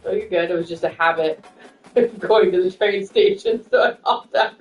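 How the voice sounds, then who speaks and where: A woman's voice: on the low side, normal speed, faint music behind. Distant, roomy woman chatting while gaming. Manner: chatty, swears freely, laughs often. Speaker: gamer chatting on voice chat. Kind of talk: casual gaming chat. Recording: roomy, distant, dull lo-fi mic.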